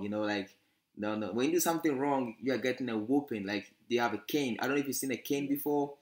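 A man, a podcast guest telling his life story in a relaxed, chatty way. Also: mid-range voice, fast talker, echoey room. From Ghana. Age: 20s. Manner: relaxed, chatty, frequent fillers. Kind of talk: casual interview storytelling.

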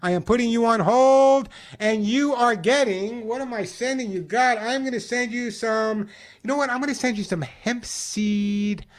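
A man hosting a call-in pet radio show, giving emphatic advice with quick jokes. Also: very high-pitched.

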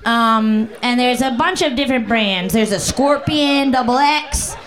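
On a comedy club stage, a woman works the crowd with a handheld mic, her stand-up profane and playful. Her voice is fairly high and fairly bright, her pace measured. She comes across brash and occasionally breaks into song.

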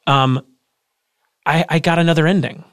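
A man in his thirties, an author guest telling his story in a casual interview, earnest and quick with frequent restarts. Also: on the high side, fairly even intonation, fairly bright tone, clean tone, dry recording, clean studio sound.

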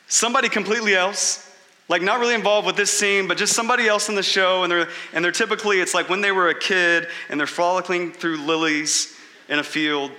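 Animated male pastor in an echoey hall. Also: brisk. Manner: animated and conversational, dropping low for emphasis. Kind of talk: sermon.

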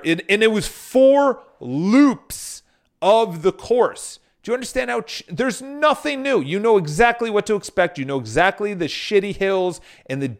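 Man, slightly higher voice, casual motivational monologue to his viewers, loose and profane, lots of restarts. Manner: storytelling with frequent restarts and casual swearing; addresses viewers directly. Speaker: motivational speaker.

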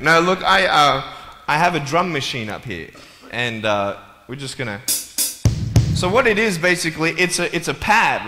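A young man giving a humorous speech to a live audience, telling stories in a playful, joking way. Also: a little high. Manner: playful, joking, lively storytelling. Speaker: motivational speaker. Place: large hall with a live audience. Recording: echoey hall with faint ambience.

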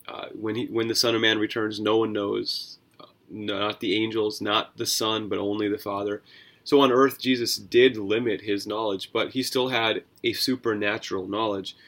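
A man's voice: fairly low pitch, gravelly, a bit bright. A man hosting a devotional Bible podcast, talking in an earnest, conversational way with asides and self-corrections. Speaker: podcast host.

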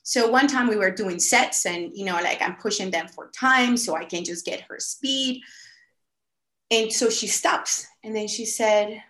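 A woman telling a story casually on a podcast, animated and full of "like" fillers. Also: on the high side, unhurried. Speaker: podcast guest. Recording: echoey room.

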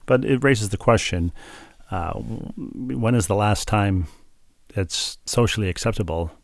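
A man's voice: fairly low pitch, measured pace, gravelly, dry recording. A middle-aged man co-hosting a podcast, telling stories in a dry, wry, casual way. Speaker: podcast co-host. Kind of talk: casual chat.

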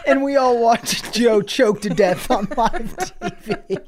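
A man's voice: very high-pitched, a little hiss or hum. A man co-hosting a comedy podcast, telling an absurd crude story while laughing through it. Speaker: podcast co-host. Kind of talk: improvised comic storytelling.

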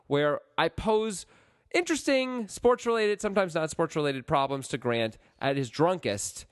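A man co-hosting a casual sports podcast, animated and jokey with a playful deadpan streak. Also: fairly high pitch, moderate pace, smooth, dry recording, clean studio sound. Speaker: podcast co-host.

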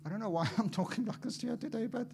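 A man preaching a sermon as an evangelist, impassioned and swinging from loud to hushed, acting out little dialogues as he tells stories. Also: sits high, racing, creaky, slight background noise. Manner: acts out dialogue in storytelling.

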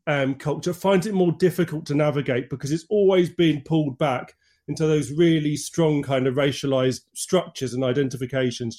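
A man's voice: on the high side, darkish tone. A man speaking as an academic guest, analytical and full of "kind of" fillers. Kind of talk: analytical discussion.

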